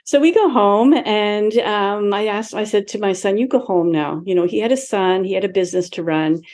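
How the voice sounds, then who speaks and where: Mellow-voiced woman in her seventies. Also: medium pitch, moderate pace. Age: 70s. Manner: reflective, acts out her own past dialogue, laughs lightly between remarks. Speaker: interview guest. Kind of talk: personal storytelling in a casual interview.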